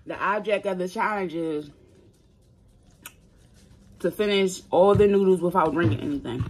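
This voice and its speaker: A woman hosting a casual mukbang food challenge vlog, a little hoarse from a cold, chatting straight to her viewers. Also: lowish voice, moderate pace, background noise. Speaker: mukbang vlogger.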